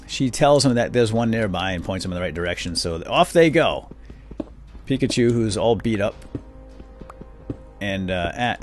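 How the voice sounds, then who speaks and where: A man casually recapping a cartoon while playing a game, rambling with many fillers and chuckles. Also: on the low side.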